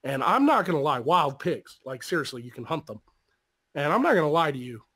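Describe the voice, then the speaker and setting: Laid-back man, higher voice. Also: big pitch swings, a bit bright, husky. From Arkansas. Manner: loose, rambling and profane, quick to laugh. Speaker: podcast co-host. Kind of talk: casual chat on a live stream.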